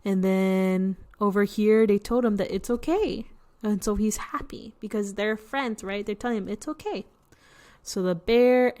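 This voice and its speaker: A young woman reading a picture book to children, pausing to point at pictures and ask questions. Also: medium pitch, darkish tone. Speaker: storytime reader.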